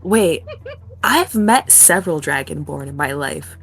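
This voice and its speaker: Woman player, low voice with lots of swing, giggles through a tabletop game. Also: measured pace, creaky, soft background music. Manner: giggly, lively. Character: cocky young woman Yorgia. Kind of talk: tabletop role-play.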